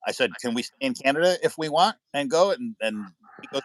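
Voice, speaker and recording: Casting: American man, medium pitch, loose storyteller, dry close sound. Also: animated, quick pace, a bit bright, no echo. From United States. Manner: rambling storyteller, swears freely. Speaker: livestream host. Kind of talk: casual chat with viewers. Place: indoors at home by a window.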